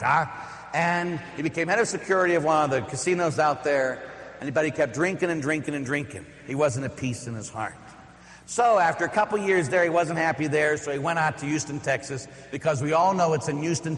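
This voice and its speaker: A middle-aged man, a priest, preaching a sermon with stories, slowing down to stress key lines. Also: fairly high pitch, a bit bright, in a large hall. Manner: storytelling, emphatic with slow stressed lines. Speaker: Catholic priest.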